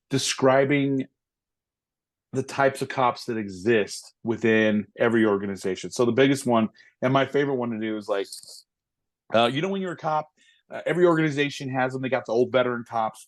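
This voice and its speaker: A man in his forties talks casually as a guest, a police officer who also does stand-up. He tells his bits with animated energy and drops into quick voices of the people he mocks. His voice sits in an ordinary middle pitch. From United States. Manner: animated storyteller, slips into impressions of people. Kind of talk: casual interview chat.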